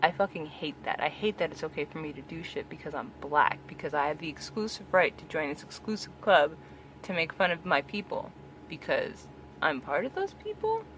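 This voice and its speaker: A woman's voice: low voice, big pitch swings, normal speed, a little hiss or hum. Blunt, profane woman ranting to camera. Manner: blunt, profane, rhetorical questions; emphatic, rising to loud bursts. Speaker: vlogger. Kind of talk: opinion rant to camera.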